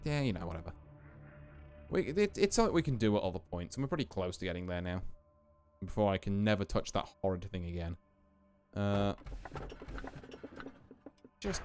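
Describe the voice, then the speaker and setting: A casual man commentating his own game stream, thinking aloud with restarts and asides. His pitch is animated and soft music plays underneath. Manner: rambling, self-interrupting chat to viewers.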